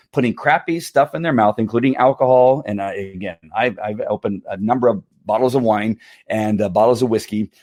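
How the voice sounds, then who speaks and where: A middle-aged man hosting a casual livestream, slightly hoarse from a strained voice, rambling with repeated words and frequent laughs. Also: mid-range voice, darkish tone. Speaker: livestream host.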